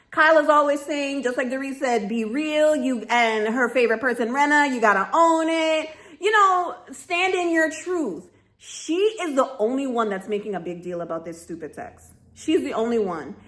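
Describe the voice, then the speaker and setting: Sassy animated woman reacting to reality TV. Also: high voice. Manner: sassy, animated, talks straight to the cast. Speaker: reality TV commentator. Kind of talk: casual reaction commentary.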